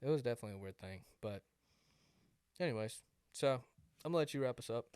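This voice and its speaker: Young dude rambling thru a story, lots of "like", dry close sound. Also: male voice, mid-range voice, expressive, fast, a little mellow, smooth, no echo. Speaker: podcast co-host. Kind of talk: casual chat.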